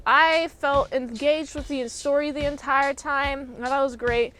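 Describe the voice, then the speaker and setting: A woman's voice: high-pitched, fairly even intonation, unhurried, fairly bright tone. A young woman casually recapping a movie, rambling with lots of fillers and popping into goofy impressions of the characters. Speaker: movie reviewer.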